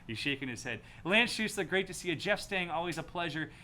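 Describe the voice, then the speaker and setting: A man's voice: a little high, expressive, a little fast, pushed and bright, slight background noise. A man hosting a casual aviation livestream, upbeat and reading viewer names from the chat. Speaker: livestream host.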